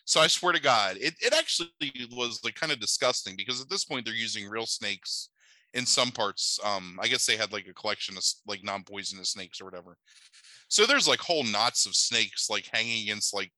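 Bright, incredulous profane man recapping a movie. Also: fairly low pitch, expressive, fairly quick, no room sound, rough recording. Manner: rambling, profane and incredulous, heavy on "like".

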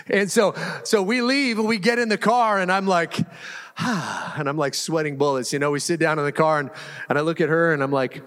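A man's voice: mid-range voice, normal speed, fairly bright tone. A male pastor preaching to a congregation, telling a personal story in a casual, self-deprecating way with frequent laughter. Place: church hall with a congregation. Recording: echoey hall.

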